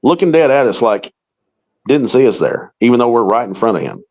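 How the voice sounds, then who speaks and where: A man's voice: mid-range voice, animated, a little fast, darkish tone, rough recording. A middle-aged man, a paranormal investigator, telling a long story in an interview and acting out the quoted dialogue.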